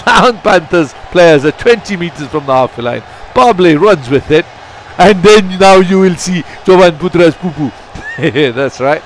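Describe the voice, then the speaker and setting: A man calls a football match in a fairly high voice. He keeps up a running stream of giggly, chatty banter and breaks into excited shouts whenever the play heats up. There is a faint hiss of noise under his voice. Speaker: football commentator. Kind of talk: amateur live football commentary.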